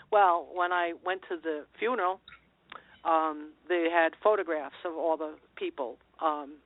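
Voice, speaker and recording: A woman's voice: low-pitched, no echo. A middle-aged woman, a guest on a call-in interview, telling personal stories in an earnest, meandering way. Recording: tinny phone line, dry.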